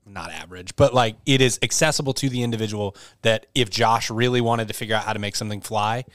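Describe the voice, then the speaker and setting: A man's voice: on the low side, quick pace, a bit bright, no room sound, clean studio sound. A man explaining points dryly in a casual podcast chat.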